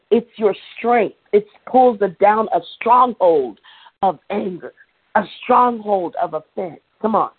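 A woman preaching a sermon in a conversational, animated way, laughing now and then. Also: medium pitch, slightly rough. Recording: tinny phone-like sound.

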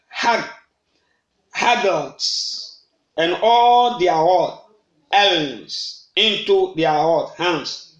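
A man's voice: sits high, fairly bright tone, roomy sound, poor audio. A man preaching a midnight prayer sermon, repeating phrases and prompting the congregation to answer, sometimes slipping into tongues. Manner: slips into rhythmic tongues. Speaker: pastor.

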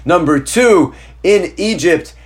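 A man's voice: sits high, animated, takes it slowly. Emphatic man teaching a Torah class. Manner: emphatic, storytelling delivery with rhetorical questions. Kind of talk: recorded class lecture.

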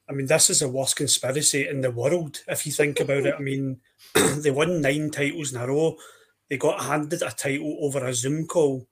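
A man with a Scottish accent co-hosting a football podcast, telling stories in a dry manner and now and then clearing his throat. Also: mid-range voice. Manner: dry, even-toned storytelling with throat clearing. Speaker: podcast co-host. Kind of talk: casual football podcast chat.

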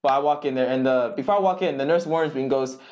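A man's voice: mid-range voice, fast, dull audio. A man co-hosting a casual podcast chat, telling a long work anecdote in a laid-back way and acting out the people in it. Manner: laid-back, animated anecdotes with quoted voices. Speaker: podcast co-host.

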